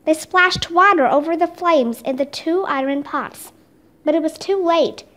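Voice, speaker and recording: A woman reading a children's chapter book aloud with steady, expressive narration. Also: very high-pitched, a little slow. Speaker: storybook reader.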